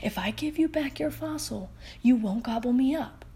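Woman voicing a calm little boy hero. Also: high-pitched, moderate pace, husky, exaggerated voice. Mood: bargaining. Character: brave little boy who hides from a dinosaur.

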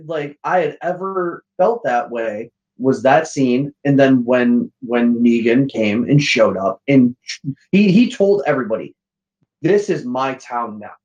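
A man chatting on a podcast, cursing freely and slipping into little acted-out quotes as he tells his stories. His voice comes through a muffled, lo-fi line, at an ordinary middle pitch for a man. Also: a little slow. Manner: animated, profane storytelling with acted-out quotes. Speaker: podcast guest. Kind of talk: casual chat.

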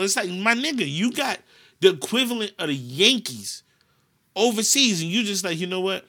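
A man from the States rants in an animated, profanity-heavy way during a casual chat. His voice sits a little high and is very bright and sharp, carried with loud energy. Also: moderate pace. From United States. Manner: animated ranting, heavy cursing.

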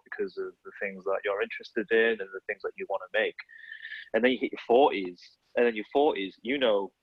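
A man's voice: lowish voice, husky, no room sound, highs cut off. A man in his thirties, an illustrator, chatting casually in a podcast and rambling with many fillers and self-corrections. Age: 30s.

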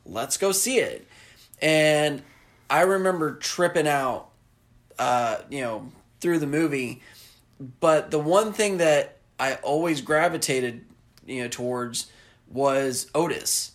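A man from the American South in casual chat, rambling excitedly and acting out movie lines. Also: a little high, slow pace.

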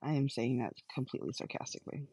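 A woman's voice: very deep voice, quick pace, dark tone, slightly rough, rough recording. A woman recording a casual stream-of-consciousness audio journal on a phone voice recorder while sitting in a car, chatting along with many fillers and self-corrections. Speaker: podcast host.

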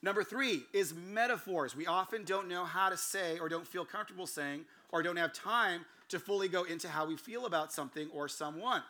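A man preaching a sermon, mixing practical advice with lively stories, laughing and acting out quotes. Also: on the high side. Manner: animated storytelling with laughs and acted-out quotes. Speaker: pastor.

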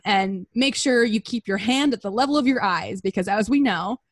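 A woman's voice: mid-range voice, normal speed, no room sound, lightly acted. A woman voicing a knowing older ballet mistress, explaining in a matter-of-fact way.

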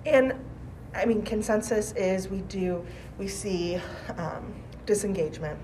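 A woman in her forties, a teacher, answering interview questions in a thoughtful, measured way with restarts. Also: medium pitch, noisy background. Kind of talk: conversational podcast interview.

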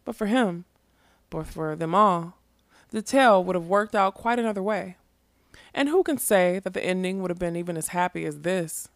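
A woman voicing a wizard who speaks quietly and in a measured way. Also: fairly low pitch, animated, no echo, clean studio sound. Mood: earnest. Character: wise wizard, calm and persuasive.

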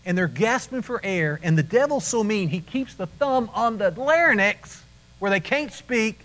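A middle-aged man preaching a sermon, telling stories with animated acted-out voices. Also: high-pitched, a little slow, rough recording. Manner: animated storytelling, acts out voices.

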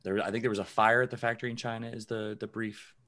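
A man's voice: lowish voice, level tone, fast talker, a bit bright. A man co-hosting a podcast in casual chat, rambling with lots of fillers and frequent laughs. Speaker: podcast co-host.

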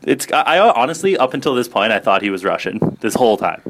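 A man co-hosting a casual podcast chat, joking and animated, often laughing between quick asides. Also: medium pitch, gravelly, background noise. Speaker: podcast co-host.

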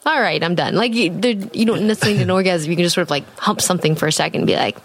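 A woman's voice: on the low side, very fast, breathy edge. A young adult woman hosting a podcast, chatting candidly and giggling often. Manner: giggly, chatty, frequent laughs. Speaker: podcast host. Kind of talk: candid casual chat.

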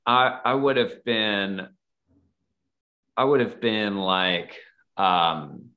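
A man's voice: on the low side, drawn-out words, sharp tone. A man telling a personal story in a casual, earnest way, rambling and full of "like" fillers. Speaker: guest, photographer and nonprofit founder.

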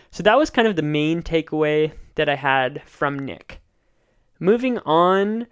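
A man hosting an investing podcast, recapping guest episodes alone in a measured, explanatory way. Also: on the high side, smooth. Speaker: podcast host.

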